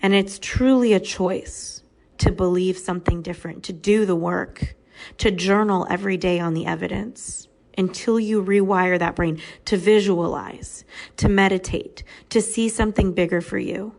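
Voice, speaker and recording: A woman's voice: medium pitch, steady tone, normal speed, gravelly, a little mellow. A woman in her thirties hosting a podcast, telling a personal story in a candid, conversational way. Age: 30s. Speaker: podcast host.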